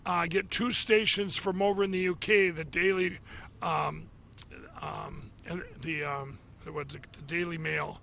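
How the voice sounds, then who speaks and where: A middle-aged man hosting a live show from his office, rambling casually with many fillers and restarts, getting excited as he talks. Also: fairly high pitch, unhurried, gravelly, slight background noise. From Minnesota. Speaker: show host. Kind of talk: casual live monologue with ad pitches.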